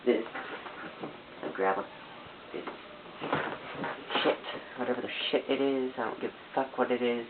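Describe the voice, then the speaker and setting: A woman chatters to a webcam propped on a glass in her messy bedroom, jumping from one random thought to the next and cursing freely. The sound is thin and phone-like, with a steady hiss and an echoey room around her. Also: extremely low pitch, a little slow, pauses often. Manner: distracted, random, swears a lot. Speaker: first-time vlogger. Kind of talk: rambling casual webcam talk. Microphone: camera propped on a glass on a fan. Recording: tinny, noisy, echoey home webcam.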